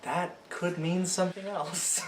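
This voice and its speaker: A man's voice: high voice, steady tone, slow pace, roomy sound, recorded from a distance, music in the background, rough recording. A man making teasing, laid-back comments in a casual group reaction chat. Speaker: reaction video panelist.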